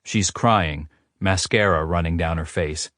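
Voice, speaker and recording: A man narrating a romance audiobook in a steady, first-person storytelling manner. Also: sits low, unhurried, no room sound, clean studio sound.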